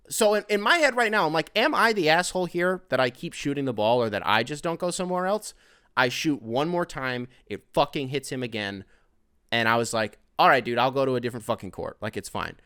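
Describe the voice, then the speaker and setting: Casting note: young male host in his twenties, smooth clear voice, dry close sound, swears freely while rambling through a story. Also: medium pitch, no room sound. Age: 20s. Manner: profane, rambling, animated retelling. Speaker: podcast host. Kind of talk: casual monologue storytelling.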